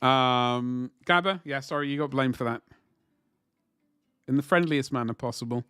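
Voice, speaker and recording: A man's voice: medium pitch, moderate pace, long pauses, pushed and bright, clean tone, no room sound, clean studio sound. Chatty man streaming his painting. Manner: chatty, rambling, talks to chat while working. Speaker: livestream host painting miniatures. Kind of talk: casual livestream chat.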